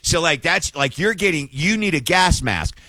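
A man's voice: a little high, expressive, normal speed, sharp tone, no room sound. Ranting man with a dry close sound. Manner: exasperated, sarcastic ranting. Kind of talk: ranting monologue.

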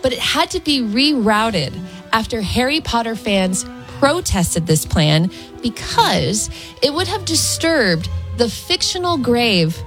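A woman's voice: a little high, takes it slowly, soft background music. Chatty woman radio co-host. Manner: chatty, excitable storyteller. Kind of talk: morning radio chat. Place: radio studio. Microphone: studio microphone.

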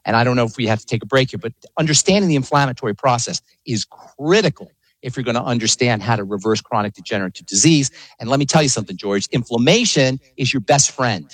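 A man's voice: mid-range voice, quick pace, few pauses, breathy edge, dry recording, rough recording. A man speaking as a pharmacist guest in a radio interview, explaining with emphatic passion.

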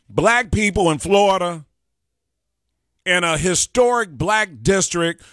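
A man's voice: on the high side, a bit bright, no room sound, studio quality. A man hosting a Chicago talk radio show, ranting with fiery passion and hammering his points through repetition, with a Chicago accent. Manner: fiery, preachy, repeats phrases for emphasis. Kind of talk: impassioned political talk radio rant. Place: radio studio. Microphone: studio microphone.

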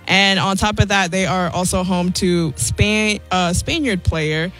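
A woman's voice: fairly low pitch, measured pace, fairly bright tone, faint music behind. A woman on a sports radio show, chatting casually and playfully with a giggly manner. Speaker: show team member giving soccer picks.

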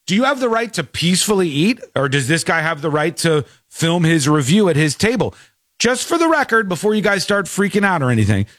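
A man hosting a podcast, giving casual, animated commentary on a viral clip. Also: sits high, dry recording, clean studio sound. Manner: animated, mocking impressions. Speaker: podcast host.

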